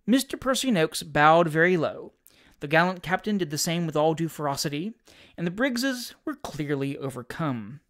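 An audiobook narrator giving an expressive, theatrical scripted reading of a classic comic story. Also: mid-range voice, normal speed.

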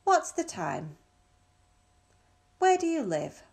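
A woman on textbook audio, carefully reading out example questions with clear, marked intonation. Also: high-pitched, sing-song, slow pace, a little mellow. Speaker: recorded audio speaker.

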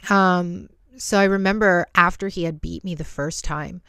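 A woman's voice: fairly low pitch, steady tone, moderate pace, a bit bright, smooth, no room sound, clean studio sound. A young woman hosting a podcast, telling a personal story candidly and emotionally, swearing freely. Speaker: podcast host.

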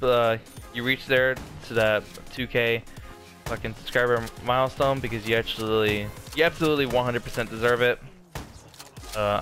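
A man's voice: lowish voice, a bit bright. A young man casually rambling to viewers over gameplay, swearing freely and restarting his sentences. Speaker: gaming YouTuber.

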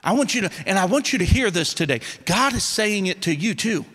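A pastor preaching a sermon in a folksy, animated way, with a Southern Missouri accent. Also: male voice, high-pitched, a little fast, husky. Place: church sanctuary. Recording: long church hall reverb.

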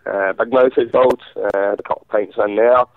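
A man's voice: on the low side, fairly even intonation, quick pace, dry recording. A hungover man calling in to a radio show, rambling and swearing with many ums. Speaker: caller. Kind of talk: casual phone chat. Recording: dry tinny phone line.

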